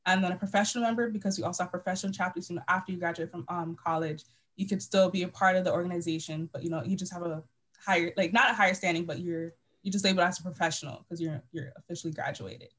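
A young woman from the United States, a podcast guest, talking earnestly in a halting way with lots of fillers. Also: fairly low pitch, steady tone, a bit bright, poor audio. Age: young adult. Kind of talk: casual interview talk.

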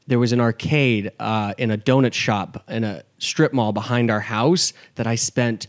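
A man's voice: medium pitch, unhurried. A man talking as a podcast guest, telling stories eagerly and laughing along. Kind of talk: casual chat.

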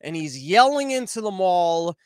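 A man's voice: high voice, big pitch swings, moderate pace, clear, resonant tone, no room sound. An American man hosting a commentary show, ranting in a rambling, profane, sarcastic way.

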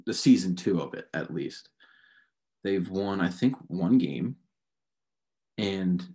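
A young man hosting a casual sports podcast, his voice sitting a little low. He rants with frustration and rambles, restarting his sentences as he works himself up. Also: a little mellow. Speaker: podcast host.

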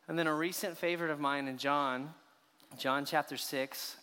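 Guy preaching in a big echoey church, lively, asks the room questions a lot. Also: a little high. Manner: animated storytelling, rhetorical questions, voices reactions. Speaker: pastor. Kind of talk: sermon. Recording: long hall reverb.

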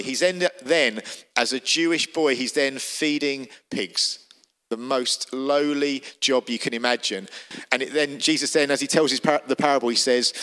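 Aussie preacher guy, bright forceful voice, storytelling sermon style. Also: mid-range voice. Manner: vivid storytelling, emphatic.

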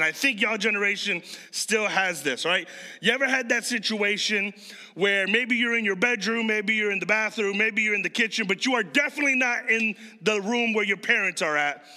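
A Chicago man in his thirties preaches a conversational sermon, quizzing the congregation in a high voice that sounds pushed and bright. A large hall's long reverb surrounds the recording.

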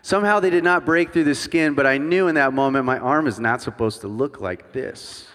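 A man in his thirties delivers a sermon as a guest worship pastor, mixing personal stories with self-deprecating jokes for the congregation. His voice sits at a middle pitch, and a long reverb from the large church hall trails his words. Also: a little fast, fairly bright tone. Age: 30s. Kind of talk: sermon with humorous storytelling. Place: church sanctuary before a congregation.

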